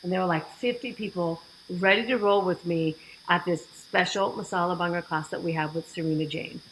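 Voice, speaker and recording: A woman guest on a podcast, telling her story in a lively way and acting out the dialogue she quotes. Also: fairly low pitch, brisk, slight background noise, low-quality recording. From United States. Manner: animated, acts out quoted dialogue. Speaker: fitness program founder, guest.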